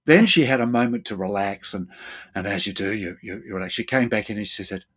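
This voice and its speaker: Speaking fast with a breathy edge, a man who is a therapist explains his views as a relaxed guest. He mimics others' lines with quick jumps in pitch and fills his thinking-aloud with fillers and repetitions.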